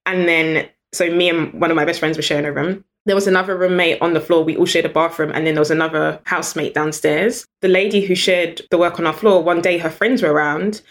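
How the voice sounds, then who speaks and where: A British woman, a guest in an interview, telling stories in an animated, chatty way and laughing often. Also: fairly low pitch, brisk, hardly any pauses. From Britain. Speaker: guest entrepreneur. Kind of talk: storytelling in an interview.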